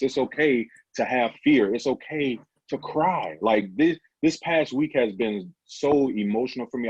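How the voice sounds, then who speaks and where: A man's voice: mid-range voice, darkish tone, breathy edge, no room sound, dull audio. A man speaking earnestly and openly about his emotions on a radio panel discussion. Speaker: panel guest. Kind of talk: candid radio panel talk.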